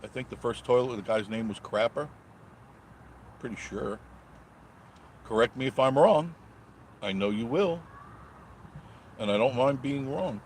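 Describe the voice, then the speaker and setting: While driving, a man vlogs and reads his viewers' comments, keeping the live-stream chat casual, rambling and jokey. His mid-range voice is unhurried and he pauses often, with slight background noise.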